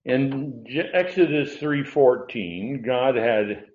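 A man's voice: mid-range voice, expressive, a little mellow. Man preaching in an echoey room. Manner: teaching with emphatic pauses, frequent "uh" fillers. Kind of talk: sermon. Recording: dull, echoey room sound.

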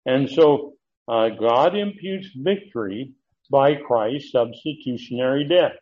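A man teaching a Bible study, deliberate and emphatic, pausing often with fillers. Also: mid-range voice, a little mellow. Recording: muffled lo-fi recording.

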